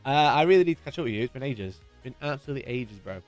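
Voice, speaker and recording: A man's voice: mid-range voice, expressive, racing, faint music behind. A man hosting a live stream, chatting casually and jokingly greeting viewers by name as he reads their messages. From United Kingdom.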